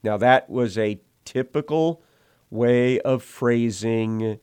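A man preaching an expository sermon, retelling the passage verse by verse in a measured, explanatory way. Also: mid-range voice, darkish tone, clear, resonant tone, dry recording, clean studio sound.

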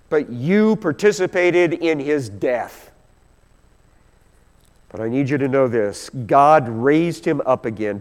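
A man preaching in a church sanctuary, his slightly high voice carrying a long reverb tail. He walks through scripture verse by verse and reads the passages aloud with mounting fervor. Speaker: pastor. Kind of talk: sermon.

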